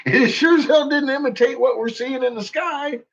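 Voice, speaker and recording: Over muffled lo-fi audio, a man with a very high-pitched voice and vocal fry hosts a casual commentary at normal speed. He swears freely, laughs a lot, and mocks whatever he's watching.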